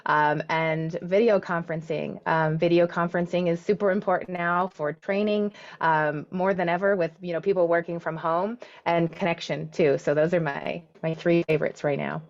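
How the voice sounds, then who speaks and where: A woman's voice: lowish voice, fairly even intonation, moderate pace, hardly any pauses, highs cut off. A woman on a webinar panel about running a law firm, upbeat and using frequent "um" fillers.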